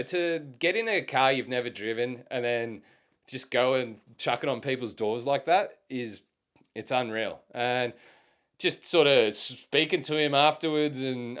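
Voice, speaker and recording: A man's voice: mid-range voice, a bit bright, clear, resonant tone. A young man with an Australian accent hosting a casual solo podcast, laid-back and slangy, dropping swear words and plenty of ums. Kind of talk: casual rambling chat.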